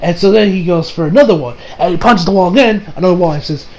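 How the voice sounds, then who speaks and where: A man reviewing an anime episode in a casual, excitable recap, rambling with restarts and swearing. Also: sits high, fast.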